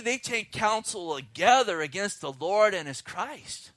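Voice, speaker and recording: Male preacher, slightly high voice, fervent sermon delivery with hushed dips. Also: expressive, no echo, studio quality. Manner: fervent preaching, swings between loud and hushed, slows to read scripture. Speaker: pastor. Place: outdoors.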